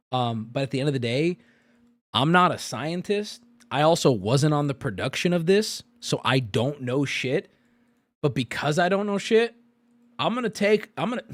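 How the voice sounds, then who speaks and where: A male streamer in his thirties rants at a live audience, swearing freely and often jumping into disbelieving shouts. His pitch swings widely from low mutters to high yells. The sound is dry and close. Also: no room sound. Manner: profane, incredulous, swings to sudden yelling. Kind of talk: ranting live stream commentary.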